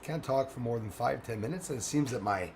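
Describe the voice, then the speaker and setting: Hoarse man hosting a live stream. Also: medium pitch, a little fast, a little mellow, a little hiss or hum. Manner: chatty, greets viewers, laughs often. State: hoarse, strained voice. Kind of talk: casual live-stream chat.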